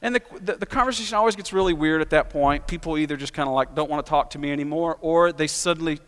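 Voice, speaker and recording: A pastor preaches to his congregation with a fairly high voice. He tells stories in a conversational way and then builds to emphatic, rising peaks. His voice carries a long reverb from the church sanctuary. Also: quick pace, a bit bright, smooth. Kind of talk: sermon.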